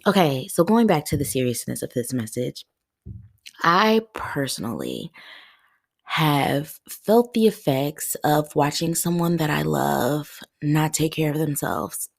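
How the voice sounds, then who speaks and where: A woman's voice: low-pitched, sing-song, measured pace, gravelly. A woman hosting a heartfelt solo podcast, talking earnestly to her listeners, choked up at times. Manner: earnest, tearful and laughing through emotion. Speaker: podcast host.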